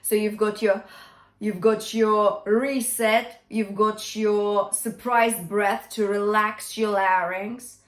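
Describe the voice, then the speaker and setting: A woman's voice: mid-range voice, fairly even intonation, slow. A woman vocal coach teaching a singing lesson, talking through technique and singing short demonstrations, checking in with "yeah?" and "okay?" as she goes. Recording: echoey room.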